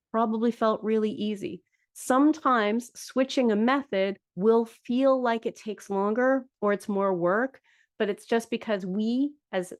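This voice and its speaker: A woman in her fifties, a dog groomer hosting a podcast, talking frankly and chattily in casual solo talk. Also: mid-range voice. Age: 50s. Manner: frank, chatty, with fillers and laughs.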